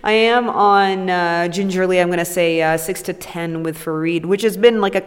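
A woman's voice: on the low side, fairly even intonation, moderate pace. A woman hosting a casual solo comedy podcast, irreverent and crude, talking to herself and cracking jokes. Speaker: podcast host. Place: new home with echoey room. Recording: echoey room with long reverb.

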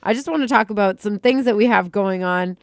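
A woman's voice: mid-range voice, brisk, no echo, clean studio sound. A woman from Massachusetts co-hosting a podcast, chatting casually with a sarcastic, laughing manner. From Lynn, Massachusetts. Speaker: podcast co-host.

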